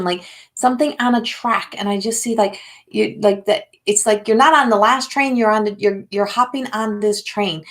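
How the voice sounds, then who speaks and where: Rambling older woman giving spiritual readings. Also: fairly high pitch. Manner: rambling, filler-heavy, addresses viewers by name. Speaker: intuitive card reader.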